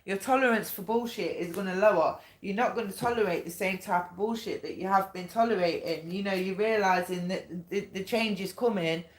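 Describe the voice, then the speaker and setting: Casual tarot-reading woman, blunt and repetitive with some swearing, mid-pitched, in an echoey room. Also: fairly quick, hardly any pauses. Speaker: tarot reader.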